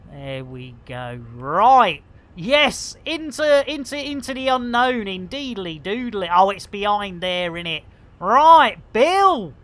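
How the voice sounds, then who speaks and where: Male game streamer, chatty and playful, slow and animated. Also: high voice. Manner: jokey, chatty, full of playful catchphrases. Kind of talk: casual live game commentary.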